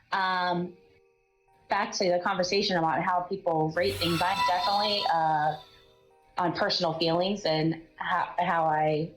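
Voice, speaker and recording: A woman's voice: on the low side, poor audio. A woman chatting about a book on a video call, hesitant with lots of ums, still getting over a cough. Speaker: guest. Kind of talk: casual book chat.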